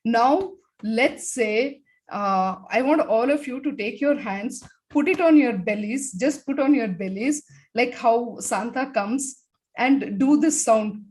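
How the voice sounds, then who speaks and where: Woman, laughter workshop leader on a video call, slow pace, lots of fillers. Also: fairly high pitch. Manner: leads the group, demonstrating laughter sounds with loud bursts; talks with many fillers. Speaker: laughter yoga expert. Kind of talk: guided laughter exercise talk.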